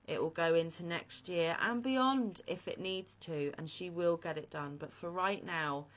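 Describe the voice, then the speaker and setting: Through slightly muffled lo-fi audio, a crochet vlogger speaks in an unhurried voice on the low side. She keeps things casual while offering heartfelt, emotional praise.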